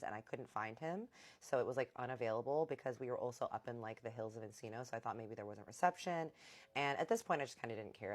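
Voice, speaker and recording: Low-voiced woman telling a chatty story. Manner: chatty, animated retelling with acted-out quotes. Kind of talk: casual storytime vlog.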